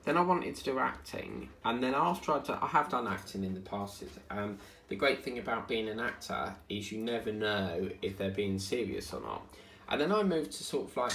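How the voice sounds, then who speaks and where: Man, chatty rambling vlog talk, gravelly, roomy echo. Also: mid-range voice, a bit bright. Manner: rambling, chatty, hums and sings snippets. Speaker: diamond painting vlogger. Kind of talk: casual chat while crafting. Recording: echoey room with faint noise.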